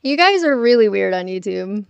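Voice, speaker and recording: A woman's voice: mid-range voice, very animated, normal speed, gravelly, smooth, no echo, dull audio. A woman hosting a casual morning livestream from home, chatting with viewers and reading their messages aloud, laughing often. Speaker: livestream host.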